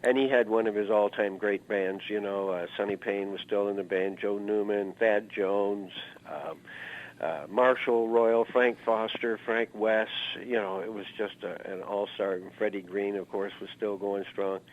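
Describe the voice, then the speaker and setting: A man's voice: lowish voice, fairly even intonation, measured pace. A man in his seventies from Iowa, a musician telling stories in an interview, rambling and anecdotal, with plenty of "uh" fillers. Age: 70s. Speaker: guest musician. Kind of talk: reminiscing interview storytelling. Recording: narrow phone-like interview audio.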